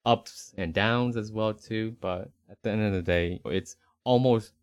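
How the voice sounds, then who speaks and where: A man with a faint Rhode Island accent talks in a casual, rambling way as a podcast co-host. His voice sits low and deep. The recording is dry and close, with no room sound. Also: measured pace, clean tone, dry recording. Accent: slight Rhode Island. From Northeast United States. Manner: rambling, self-correcting, easygoing.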